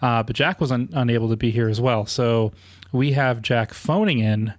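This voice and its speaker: A man's voice: medium pitch, normal speed, no room sound, studio quality. A man, hosting a podcast in a rambling casual chat full of filler words. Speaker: podcast host.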